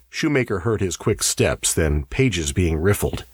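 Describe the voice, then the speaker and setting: A man reading a story aloud in a measured, expressive way. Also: low-pitched, slightly rough, no room sound, studio quality. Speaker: narrator. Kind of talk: audiobook narration.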